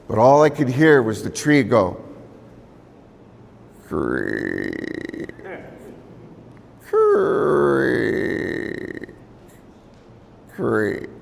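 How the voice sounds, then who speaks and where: A man from the Pacific Northwest telling a story to a live audience in an unhurried, conversational way, with repeated names and pauses. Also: mid-range voice, creaky, a little hiss or hum. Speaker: storyteller and violinist. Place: large museum hall. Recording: long reverb in a large hall.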